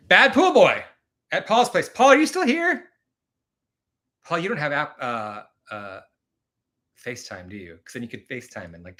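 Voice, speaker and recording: Bright-toned man, rambly live-stream host, mid pitch, chatty and quick to laugh. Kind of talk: casual live-stream chat.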